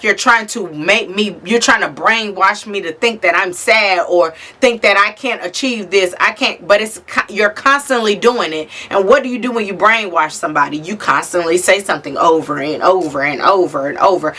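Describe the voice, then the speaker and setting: A woman's voice: medium pitch, moderate pace, pushed and bright. A woman giving a casual tarot reading straight to the viewer, talking bluntly and swearing freely. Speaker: tarot reader. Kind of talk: casual spiritual reading to camera.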